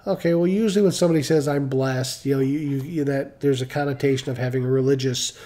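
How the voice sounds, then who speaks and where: A man's voice: mid-range voice, steady tone, quick pace, mellow. A middle-aged man telling a story casually on a live stream, rambling and acting out the dialogue he quotes.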